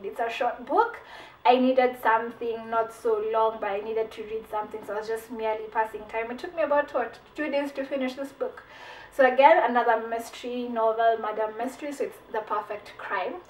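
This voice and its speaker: A woman talks through her recent reads in a chatty, animated way, slipping in "like" and repeating herself as she goes. Her voice sits a bit high, and it comes from a little way off the mic in an echoey room. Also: normal speed, recorded from a distance. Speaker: book reviewer. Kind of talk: casual book review vlog.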